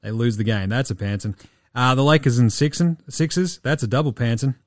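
A man with an Australian accent hosting a sports podcast, talking casually, profane and animated, often laughing. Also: medium pitch, fairly quick, no room sound, clean studio sound. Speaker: podcast host. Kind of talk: sweary casual sports talk.

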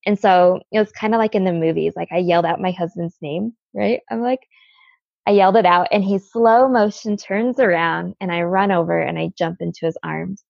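A woman in her thirties tells her own story as a podcast guest, in an earnest way that keeps checking in with her listener. Her voice has a gravelly fry to it. The audio is dry and a little dull, with no room sound. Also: lowish voice, fairly even intonation, moderate pace, darkish tone, dry recording. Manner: earnest, checks in with frequent "right?". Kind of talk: personal storytelling.

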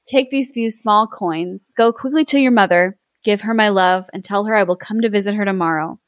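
A woman's voice: medium pitch, moderate pace, no room sound, studio quality, close to an everyday voice. A woman voicing a scheming old male wizard who weeps in an overwrought, melodramatic way.

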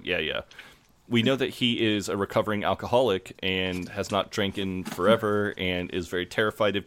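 A man's voice: fairly low pitch, fairly bright tone. A man co-hosting a podcast, recapping scenes in casual chat and quoting lines dryly. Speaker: podcast co-host.

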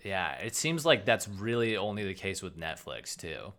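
A man's voice: low-pitched, very animated, normal speed, fairly bright tone. A man co-hosting a casual chat, enthusiastic and chatty, laughing easily. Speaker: podcast co-host.

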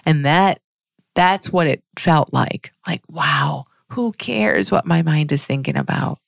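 Brief: woman, low voice with vocal fry, reflective monologue, dry close sound, muses and restarts. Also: takes it slowly, no room sound. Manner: musing, with frequent restarts and soft laughs.

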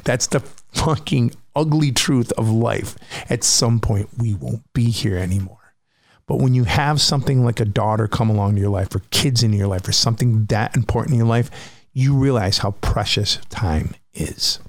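A man's voice: mid-range voice, normal speed, no echo. A man hosting his own podcast, talking bluntly and candidly with plenty of swearing. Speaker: podcast host. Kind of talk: personal monologue.

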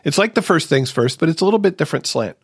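A man's voice: fairly high pitch, expressive, racing, creaky, slightly rough, no echo, studio quality. Earnest man hosting a recovery podcast. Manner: earnest, storytelling, rhetorical questions. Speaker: podcast host. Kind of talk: casual recovery podcast chat.

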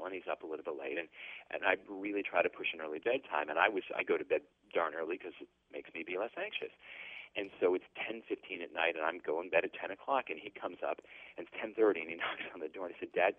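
Deep-voiced man on a tinny phone line. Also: fast talker, no echo. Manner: earnest, explanatory, many restarts. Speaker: guest author. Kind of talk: casual interview on a phone line.

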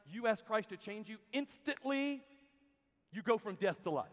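Youth camp preacher guy, highish voice, goes quiet then loud, big echoey hall. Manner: storytelling, swings from hushed to loud and emphatic. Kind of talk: sermon. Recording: reverberant hall.

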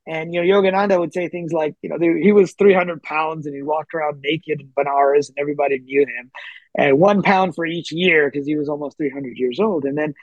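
A man being interviewed, telling stories in a chatty, animated way with lots of fillers and restarts and the odd chuckle. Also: fairly high pitch, brisk, no room sound, lo-fi sound. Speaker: interview guest. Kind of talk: casual storytelling in conversation.

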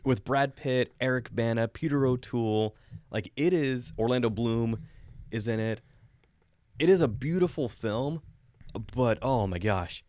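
A man co-hosting a casual podcast, talking about films in an animated, amused way. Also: mid-range voice, unhurried, no echo. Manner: animated, laughing, amused asides. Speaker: podcast co-host. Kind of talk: casual film chat.

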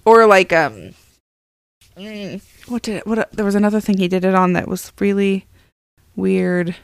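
A woman's voice: mid-range voice, unhurried, vocal fry, clear, resonant tone, dry recording, studio quality. A woman co-hosting a casual chat show, chatty and teasing, jumping in to finish the stories. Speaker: podcast co-host.

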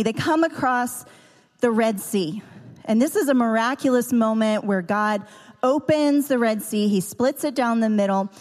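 A woman teaching a sermon earnestly, slowing down to stress key words. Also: medium pitch, darkish tone. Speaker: preacher. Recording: long hall reverb.

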